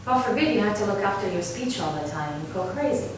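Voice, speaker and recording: A woman vocal coach from Argentina leads a singing workshop, teaching in a lively way and often checking in with "right?". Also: mid-range voice, quick pace, slight background noise. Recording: distant mic in a very echoey room.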